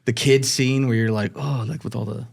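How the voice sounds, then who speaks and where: A man's voice: medium pitch, fairly even intonation, fairly quick, gravelly, darkish tone. A man co-hosting a casual podcast, talking eagerly in loose run-on thoughts. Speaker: podcast co-host. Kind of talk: casual chat.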